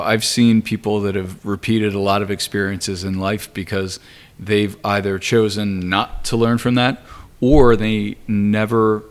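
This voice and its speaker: A man on a podcast as the guest, speaking in a measured way and giving gentle advice. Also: lowish voice. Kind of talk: casual reflective chat.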